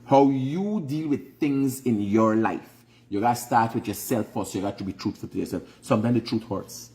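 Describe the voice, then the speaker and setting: A man's voice: medium pitch, normal speed, a little mellow. A Guyanese man hosting a vlog, talking frankly and preachily, giving life advice and repeating phrases for emphasis. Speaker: host. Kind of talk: casual advice monologue.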